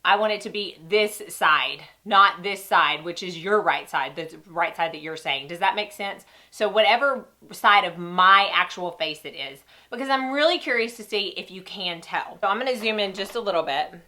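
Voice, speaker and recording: A woman's voice: mid-range voice, moderate pace, hardly any pauses, pushed and bright. A woman, stuffy-nosed from a cold, chatting casually to viewers while reviewing makeup. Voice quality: nasal. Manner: chatty, talks straight to viewers. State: stuffy nose from sinus cold. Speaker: makeup artist vlogger. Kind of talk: casual beauty review and demo.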